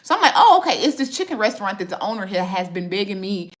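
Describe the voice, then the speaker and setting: Animated, lively woman on a livestream. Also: medium pitch, fast talker. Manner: animated, reads and answers viewer comments, repeats herself. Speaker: food reviewer and content creator. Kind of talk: casual livestream chat. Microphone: phone livestream.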